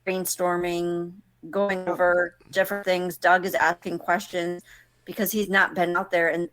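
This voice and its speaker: A woman with a slightly low voice chats with her podcast team. She fills her sentences with "um" and "like" and laughs easily. The sound is dry and close. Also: flat delivery, a little slow, fairly bright tone, no room sound. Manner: chatty, with fillers and laughter. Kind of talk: casual chat.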